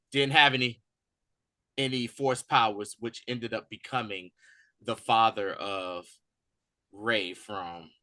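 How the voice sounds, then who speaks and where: A man co-hosting a casual review chat, chatty and quick to laugh, explaining background lore. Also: lowish voice, bright, forceful tone, dry recording. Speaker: podcast co-host.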